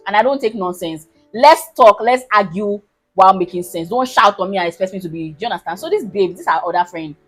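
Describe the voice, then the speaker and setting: Husky young Nigerian woman telling a story. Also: mid-range voice, a little fast, faint music behind, rough recording. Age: 20s. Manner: animated, emphatic, keeps asking listeners if they understand. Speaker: vlogger. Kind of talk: casual storytelling.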